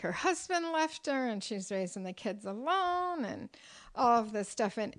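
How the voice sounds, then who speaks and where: A woman's voice: a little high, rough recording. Woman guest, middle-aged, casual chatty storyteller, laughs a lot. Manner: chatty storyteller, laughs often, many fillers. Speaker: guest, restaurant owner and cookbook author. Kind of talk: casual interview chat.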